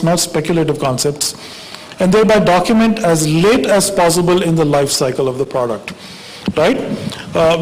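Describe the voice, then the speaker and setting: A man's voice: fairly high pitch, darkish tone. A man giving a wry, conversational conference talk, often checking in with the audience by asking "right?". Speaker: conference speaker. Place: conference hall. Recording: reverberant hall, faint background hiss.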